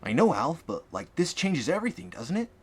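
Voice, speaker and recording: A cheeky teenage boy, voiced by a man, casual and joking, whose pitch bounces about as he tosses off wisecracks. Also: huge pitch swings, a little fast, slightly rough, heavily acted.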